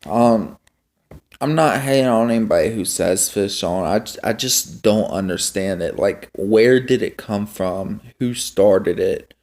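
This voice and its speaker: A young man vlogging in a casual, rambling monologue, halting with many ums and restarts. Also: on the low side, darkish tone. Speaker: homestead vlogger.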